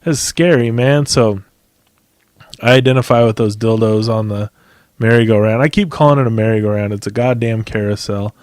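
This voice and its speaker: Rambling, swearing podcast host. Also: male voice, on the low side, moderate pace, a little mellow, dry recording, clean studio sound. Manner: rambling, profane, laughs often. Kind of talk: casual chat.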